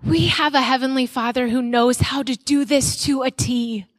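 A woman speaker giving a conversational sermon to mothers at a conference, telling personal stories with animated delivery. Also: high voice, normal speed, dry recording. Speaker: mother of young children.

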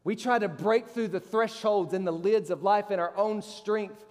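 Pastor, male, high tenor preacher; emphatic delivery, sharp jumps on questions; long hall reverb. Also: moderate pace. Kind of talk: sermon.

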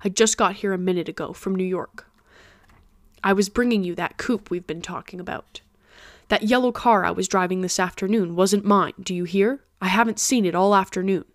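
A woman voicing a gruff, commanding wealthy man in an audiobook reading, brisk and authoritative. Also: mid-range voice, no echo, studio quality, close to an everyday voice.

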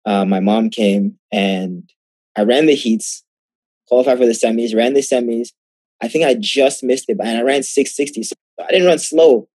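A man's voice: medium pitch, moderate pace, husky, dry recording. A young man, a guest athlete, tells his story in a casual interview, acting out the exchanges he quotes. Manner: animated, acts out quoted exchanges.

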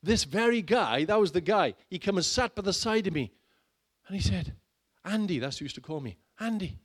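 Brief: man, middle-aged, church sermon, fairly high voice, theatrical loud-soft delivery. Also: animated, moderate pace. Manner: dramatic, swings between loud urging and hushed low lines. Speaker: pastor.

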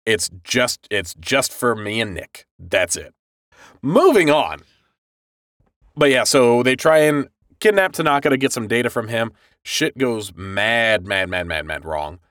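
Man, podcast co-host, dry close mic, lively pitch, wry jokes. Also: unhurried, no room sound. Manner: wry, joking, casual swearing. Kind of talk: casual chat.

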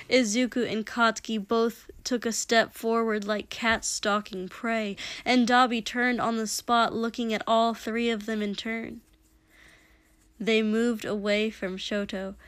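Slow, measured woman storyteller. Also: medium pitch, fairly bright tone, no room sound. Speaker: narrator. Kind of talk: reading fan fiction aloud.

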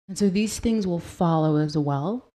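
A young woman hosts a faith podcast in a low, mellow voice. She talks earnestly and casually, reading scripture aloud and unpacking its words, now and then laughing at her own pronunciation. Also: a little slow. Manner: earnest, conversational, quotes and explains scripture. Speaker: podcast host. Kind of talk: Christian devotional podcast talk.

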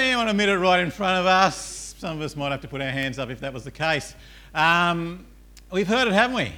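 A man's voice: mid-range voice, sharp tone. A male pastor giving a conversational sermon in a church, peppered with "uh" and questions to the congregation.

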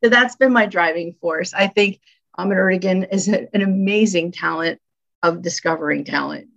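Gravelly low-voiced woman telling stories. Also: moderate pace. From northeastern United States. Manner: animated storyteller, acts out quotes. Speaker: guest, music executive. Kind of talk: casual interview chat. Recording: dull lo-fi audio.

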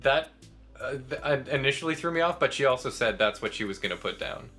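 A man in a relaxed podcast chat whose voice has a bright, forward edge. He lays out his opinions thoughtfully and laughs easily. Soft music runs underneath. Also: medium pitch, fast. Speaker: podcast co-host. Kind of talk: casual chat.

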